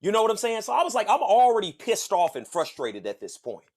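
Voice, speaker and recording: A podcast host from the Southern United States tells a story in a high-pitched, slightly fast voice. He's casual and profane, animated throughout, and acts out other people's voices.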